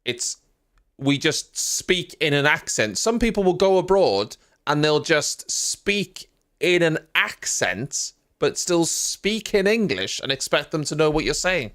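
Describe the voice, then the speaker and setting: Lively, chatty male live commentator. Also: a little high, unhurried. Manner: rambling, chatty, full of fillers and asides. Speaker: live reaction streamer. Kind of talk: casual live reaction commentary.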